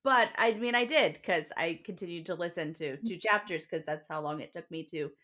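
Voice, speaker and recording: A woman's voice: fairly low pitch, moderate pace, fairly bright tone. A woman co-hosting a podcast, talking casually about books in a rambling way, with lots of fillers, restarts and some swearing. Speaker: podcast co-host. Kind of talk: casual book chat.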